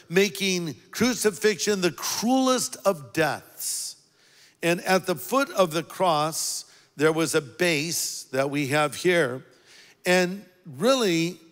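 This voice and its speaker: A man preaching a sermon as a pastor, earnest and deliberate, leaning on key words. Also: on the high side, fairly bright tone, big-room sound.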